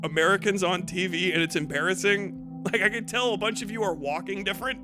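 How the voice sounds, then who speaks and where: High-voiced guy ranting on a stream, swears a ton, laughs a lot, music playing under him. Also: brisk. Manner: profane, laughing, rambling. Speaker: livestream host. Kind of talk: casual livestream rant.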